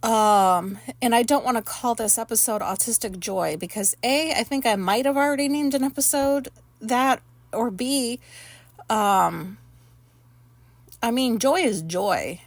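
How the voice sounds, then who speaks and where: A woman's voice: a little high, measured pace, no echo. A woman in her thirties chatting casually from her bedroom, rambling and candid, with plenty of swearing. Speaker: podcast host. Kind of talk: casual personal chat. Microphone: phone.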